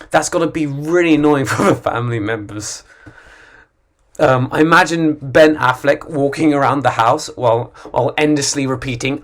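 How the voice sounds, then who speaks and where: A young man reading stand-up jokes for his channel, giggling and stopping to redo bits. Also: mid-range voice. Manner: giggly, self-interrupting, restarts bits. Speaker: beginner YouTuber doing stand-up. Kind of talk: casual stand-up reading with asides.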